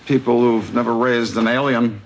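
A man acting a wry sitcom father in a 1980s show, with dry, deadpan quips. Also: mid-range voice, moderate pace, lightly acted. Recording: noisy TV audio.

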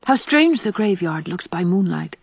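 Female narrator doing a scared, sickly young woman, high and trembling, breathy, storybook reading. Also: big pitch swings, moderate pace, dry recording, full character voice. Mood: fearful. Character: frightened, ailing young woman, pleading.

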